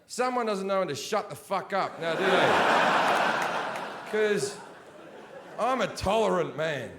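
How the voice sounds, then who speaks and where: Crude stand-up comic, a man with a high-ish voice, taped live in an echoey venue with audience noise. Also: lively intonation, a little slow, a loud crowd. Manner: brash, crude, mocking punchlines. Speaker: stand-up comedian. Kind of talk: stand-up comedy set. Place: large theater with audience.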